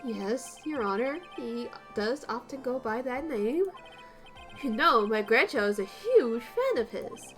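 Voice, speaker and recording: A woman voicing a muddled, gentle elderly male judge who talks in a dithering, mild way. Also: a little high, lively intonation, a little slow, soft background music.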